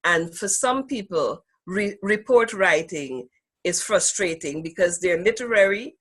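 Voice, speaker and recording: A woman teaching an online class, speaking slowly and deliberately and stressing key words, over a video call. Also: on the low side, lively intonation, a bit bright, breathy edge. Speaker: instructor.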